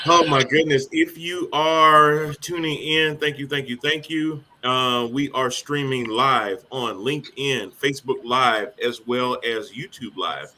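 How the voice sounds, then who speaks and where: A man hosting a live streamed talk show, energetic and casual, cracking jokes as he welcomes his panel. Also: medium pitch, a little hiss or hum.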